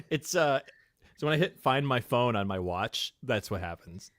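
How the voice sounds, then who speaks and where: A man co-hosting a casual livestream podcast, talking in a relaxed, rambling way full of fillers and eager about rocket launches. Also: medium pitch, measured pace, dry recording, studio quality. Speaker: podcast co-host.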